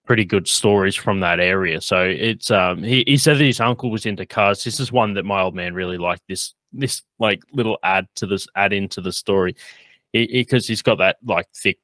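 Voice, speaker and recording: Aussie guy hosting a podcast, low voice, bright and punchy, dry sound, lots of ums and likes. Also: normal speed, dry recording. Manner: rambling, lots of fillers, laughs often. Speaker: podcast host. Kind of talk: casual chat.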